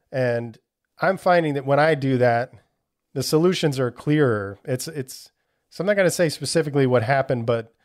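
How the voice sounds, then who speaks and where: A man's voice: mid-range voice, a little mellow. A man hosting a podcast in a casual solo talk, candid and reflective, swearing freely and thinking aloud with frequent restarts. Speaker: podcast host.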